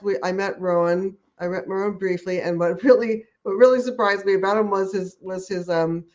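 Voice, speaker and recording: This woman, a guest who works with horses, talks enthusiastically in a conversational interview, rambling with lots of restarts and fillers. Her voice sits in the mid-range with a darkish tone, captured on dull lo-fi audio.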